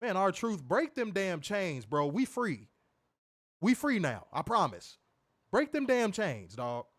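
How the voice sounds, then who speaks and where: Animated, high-voiced man ranting. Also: slow pace. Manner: animated, swears freely, mimics voices, laughs loudly. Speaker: podcast co-host reviewing wrestling. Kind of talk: casual profane commentary.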